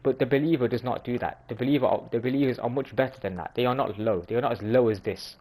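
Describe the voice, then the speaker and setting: A man's voice: mid-range voice, a little mellow, poor audio. A man hosting a religious video, explaining sayings in an informal way, often restarting and correcting himself. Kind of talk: casual explanatory talk.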